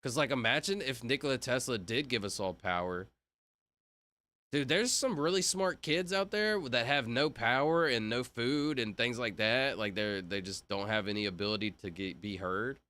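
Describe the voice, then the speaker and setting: A young man with a bright, forceful voice talks on a livestream. He rambles loosely, leaning hard on filler words and casual slang. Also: medium pitch, moderate pace. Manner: rambling, filler-heavy, says "like" and "bro" a lot. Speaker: streamer.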